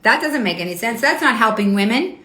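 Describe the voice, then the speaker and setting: A woman's voice: on the high side, lively intonation, fairly quick, pushed and bright. A woman hosting her weekly live stream, arguing with viewers' comments in an indignant, repetitive way. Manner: indignant, argumentative, repeats herself. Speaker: host of a weekly live show. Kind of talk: Instagram live stream, reading and answering comments. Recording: echoey room.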